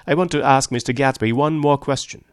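A man's voice: medium pitch, brisk, clean tone, no room sound, studio quality, voice pushed up, close to an everyday voice. A man reading a story aloud, voicing an arrogant, indignant wealthy husband in a raised, sneering voice. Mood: scornful.

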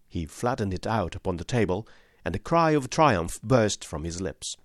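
A man narrating a classic detective story in a measured, precise audiobook reading, voicing the detective's lines too. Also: lowish voice, big pitch swings, no room sound, clean studio sound.

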